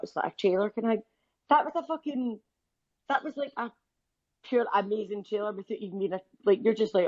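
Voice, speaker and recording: A woman's voice: mid-range voice, expressive, a little fast, darkish tone, dry recording, dull audio. A woman, talking bluntly and swearing in a casual, heated chat. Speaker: live audio room speaker.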